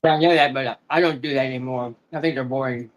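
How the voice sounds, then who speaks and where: A man's voice: medium pitch, fairly even intonation, fast talker. A man chatting casually on a live stream in a plain, matter-of-fact way. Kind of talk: casual chat.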